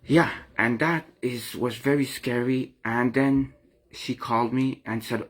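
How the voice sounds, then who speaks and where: A man's voice: medium pitch, steady tone, unhurried. A middle-aged man vlogging an earnest, rambling account of his own experience, often repeating and restarting his phrases. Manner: earnest and emotional. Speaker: vlogger sharing personal experience. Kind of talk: personal confessional talk to camera.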